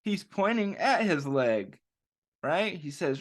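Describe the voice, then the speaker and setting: Slow, lively man reading to kids. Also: high voice. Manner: gentle, questioning teacher talk to children. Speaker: children's story time host. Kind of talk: interactive picture-book read-aloud for kids.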